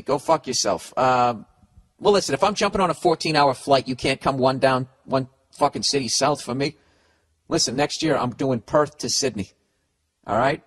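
A man's voice: medium pitch, normal speed, a bit bright, no echo. A man hosting a podcast, reading listener letters and giving blunt, profane advice in a casual, ranting monologue.

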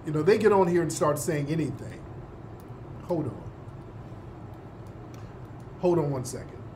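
A man's voice: a little high, big pitch swings, a little slow, background noise. A man hosting a talk show, delivering an emphatic monologue and often checking in with listeners. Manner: emphatic, repeats points and asks listeners "yeah?". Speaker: host.

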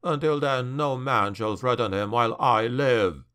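A man voicing a bitter, stern male dark elf devoted to a temple, in a fantasy audiobook. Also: mid-range voice, a little slow, lightly acted.

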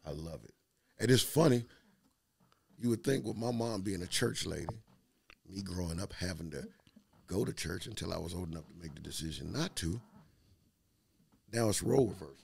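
Man, gravelly husky voice, lively swinging pitch, animated storytelling, casual chat. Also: moderate pace, long pauses. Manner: animated storyteller, acts out quotes, laughs often. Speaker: podcast guest telling stories.

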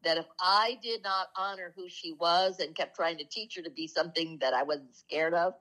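A woman co-hosting a spiritual talk show shares heartfelt personal stories in a casual, conversational way, her voice on the low side. She's earnest, slowing and softening at the emotional moments, and the recording is rough.

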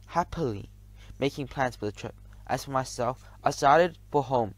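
A man narrating a children's audiobook in the first person, lively and expressive. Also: mid-range voice, normal speed, no echo.

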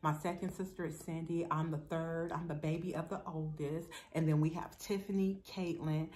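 A woman's voice: sits low, level tone, moderate pace, a little mellow. A middle-aged woman chatting affectionately and playfully to camera as a vlogger. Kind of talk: casual chat to camera.

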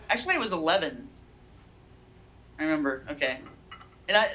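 A woman reading a story aloud at a measured pace as a guest on an informal art show. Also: low voice, a bit bright, a little hiss or hum, low-quality recording. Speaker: guest reader.

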